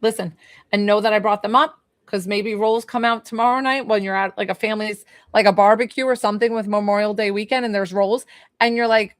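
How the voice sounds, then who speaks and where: A young woman gives a psychic reading in a loose, searching way, full of "um" and "like" and questions to the sitter. Her voice sits at an ordinary pitch. The sound is dry and close, with no room echo. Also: a bit bright. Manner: chatty, hesitant, many fillers and questions. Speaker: psychic medium giving a reading. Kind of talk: live-streamed spiritual reading.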